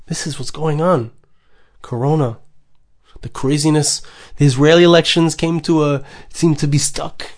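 A man's voice: fairly high pitch, steady tone, moderate pace, darkish tone. A man giving a Torah sermon, impassioned, repeating phrases and building to urgent questions. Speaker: rabbi giving a Torah talk.

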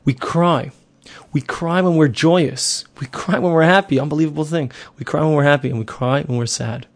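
A middle-aged man teaches a Torah lesson in a somewhat high voice. He explains earnestly, circling back over his points and posing rhetorical questions as he goes. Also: fairly quick.

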